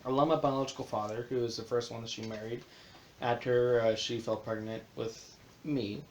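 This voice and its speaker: A man's voice: mid-range voice, fairly even intonation, moderate pace, darkish tone, a little hiss or hum. A young man chatting frankly on a podcast, rambling and swearing casually. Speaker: podcast host. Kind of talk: casual chat.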